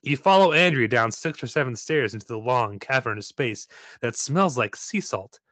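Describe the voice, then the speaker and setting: A man's voice: mid-range voice, animated, normal speed, fairly bright tone, no echo. A man reading a choose-your-path story aloud in a playful way, breaking off now and then with joking asides. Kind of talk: playful read-aloud narration.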